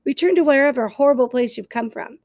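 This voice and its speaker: A woman voicing a small, frightened male weasel in a storybook, squeaky and nervous. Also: quick pace, darkish tone, no room sound, studio quality. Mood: scared.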